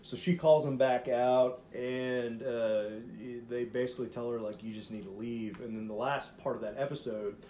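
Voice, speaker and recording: In a mid-range voice at normal speed, with few pauses and a little hiss or hum, a man co-hosts a podcast and tells a story in casual chat. He's animated and rambling, full of "like" and swearing, and acts out voices in his retold quotes.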